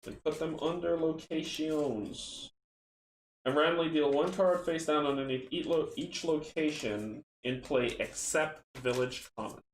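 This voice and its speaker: A man's voice: a little high, a little slow. A man hosting a card game stream, reading rules aloud and chatting with viewers in a casual, self-mocking way. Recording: roomy echo with faint background noise.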